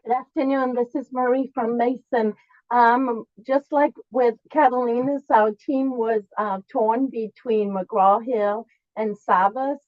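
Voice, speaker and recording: A woman's voice: fairly high pitch, fairly even intonation, unhurried, dry recording, muffled recording. A woman representing a school, politely and steadily explaining her team's choice.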